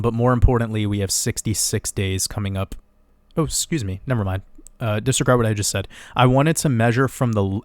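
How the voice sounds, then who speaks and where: Excitable low-voiced man rambling over charts. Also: no room sound. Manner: excitable, rambling, swears, laughs at own numbers. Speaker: crypto market analyst. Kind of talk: casual chart analysis livestream.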